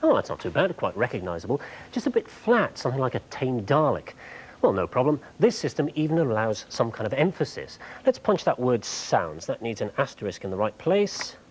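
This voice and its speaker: A man presenting a TV show, explaining technology clearly with a light humorous touch in a studio. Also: mid-range voice, sing-song, fairly quick, a little hiss or hum, rough recording.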